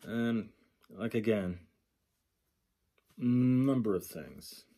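Man, lecturer, very slow delivery, mellow dark tone, repeats examples while reading through a workbook. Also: on the low side. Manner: slow, thinking aloud, repeats example glosses. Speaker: sign language instructor. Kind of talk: lecture walking through a textbook.

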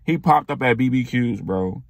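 A man's voice: mid-range voice, normal speed, no room sound, dull audio. A young man telling a personal story in casual, slangy storytime style. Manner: slangy, animated retelling. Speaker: vlogger.

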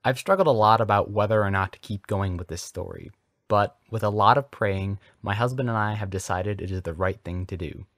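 Devout mother-author read by a man, earnest, sincere, low. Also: a little fast, fairly bright tone, no echo, clean studio sound. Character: earnest devout Christian mother writing fiction.

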